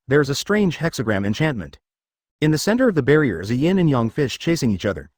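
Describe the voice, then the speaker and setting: A man narrating a fan-fiction story in a steady scripted reading. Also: medium pitch, no echo, clean studio sound.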